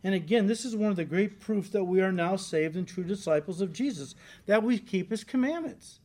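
His voice is high, animated, brisk, and a little mellow as this male pastor gives an earnest, forceful sermon in church. Repeating key lines for stress, he frequently adds "right?" to engage the congregation.

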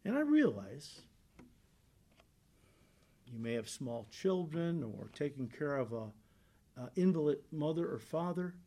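A male pastor giving a conversational sermon, rising into emphatic bursts and dropping low and soft on solemn points. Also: sing-song, measured pace, pauses often.

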